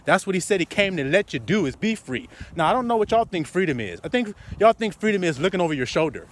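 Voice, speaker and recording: A man preaching loosely and profanely outdoors, swinging from muttering to loud outbursts. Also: high-pitched, sing-song, fast, a little hiss or hum. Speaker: street preacher.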